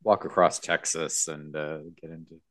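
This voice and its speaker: A man co-hosting a podcast in a casual chat, relaxed and rambling, with many likes. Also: extremely low pitch, normal speed, dry recording, clean studio sound. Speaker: podcast co-host.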